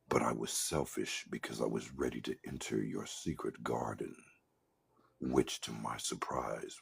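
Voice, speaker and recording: Man, very deep, gravelly, husky, slow intimate reading of an erotic story.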